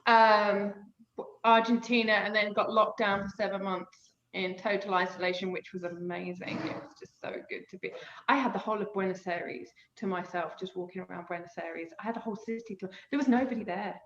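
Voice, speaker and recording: A British woman guest telling stories in a casual chat, lively and laughing often. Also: mid-range voice, fairly quick, roomy sound, lo-fi sound, slight background noise. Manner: lively storytelling, laughs a lot. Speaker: guest author.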